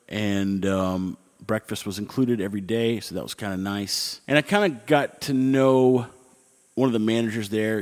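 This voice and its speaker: A middle-aged man telling everyday stories in a wry, rambling, conversational way, with animated asides. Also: fairly low pitch, big-room sound. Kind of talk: casual storytelling.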